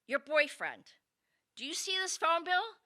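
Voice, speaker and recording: A woman's voice: extremely high pitch, very animated, a little slow, pushed and bright, voice pushed up, heavily acted. A woman voicing her stern, pious grandmother scolding a teenage granddaughter. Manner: scolding, repeating herself.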